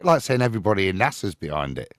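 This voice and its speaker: This is a man with a low voice that swings widely as he stresses his points on a live-stream panel. He sounds preachy and insistent, and the recording is dry and close. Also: very animated, fast talker, no room sound. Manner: emphatic, preachy, ends points with "eh?" and "yeah?".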